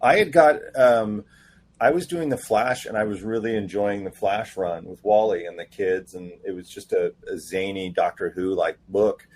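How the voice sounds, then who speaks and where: Husky low-voiced man telling animated stories. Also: moderate pace. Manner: animated storyteller, acts out quoted dialogue. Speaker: comic book writer guest. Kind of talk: casual podcast interview.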